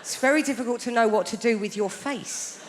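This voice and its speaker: A woman's voice: a little high, a little fast. Woman doing dry stand-up. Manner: dry, conversational storytelling with mock voices. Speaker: stand-up comedian. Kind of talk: stand-up routine. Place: large theatre stage. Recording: theatre reverb, audible background noise.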